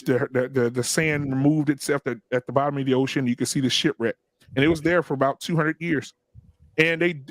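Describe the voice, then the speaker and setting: Middle-aged man, fairly high voice, dry close sound, blunt storyteller for casual podcast talk. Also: no echo. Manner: blunt, profane, animated storytelling with acted quotes. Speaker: podcast co-host. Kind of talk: casual group chat, storytelling.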